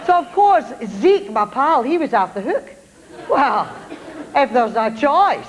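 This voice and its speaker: A woman's voice: sits high, very animated, takes it slowly, a faint crowd, poor audio. A Scottish woman telling comic stories on stage as a show host, chatty and mocking as she acts out relatives and tourists. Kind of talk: stand-up storytelling to a live audience. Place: television studio before an audience. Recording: TV studio with loud audience laughter and noise.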